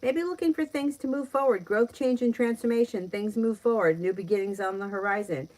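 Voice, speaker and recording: A middle-aged woman with a New York accent runs a live-stream tarot reading, chatting and laughing often as she reads viewers' questions aloud. Her voice is on the high side with a darkish tone, she talks a little fast, and the recording quality is low.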